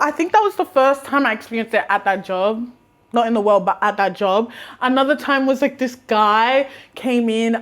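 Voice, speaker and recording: A young Australian woman, a vlogger, tells a casual storytime in a mid-range voice. She's animated and sarcastic, frequently breaking into laughter.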